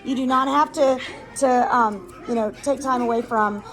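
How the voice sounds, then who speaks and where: A woman's voice: fairly high pitch, steady tone, moderate pace, background noise. A woman dog breeder chatting casually on a vlog, rambling with lots of fillers and cooing at her puppies. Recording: music playing behind. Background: background music, puppies.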